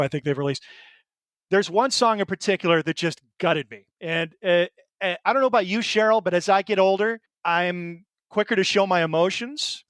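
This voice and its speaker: A man's voice: high voice, a bit bright, clean tone, dry recording, clean studio sound. A middle-aged man co-hosting a podcast in casual chat, earnest and emotional, hesitating with fillers and restarts. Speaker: podcast co-host.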